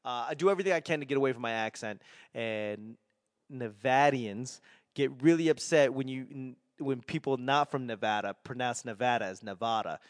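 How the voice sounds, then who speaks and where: Man in his forties, faint boston accent, rambling podcast monologue, smooth clear voice, dry close sound. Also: mid-range voice, no room sound. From Boston, New England. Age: 40s. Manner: rambling, self-deprecating, sarcastic. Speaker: comedian and podcast host.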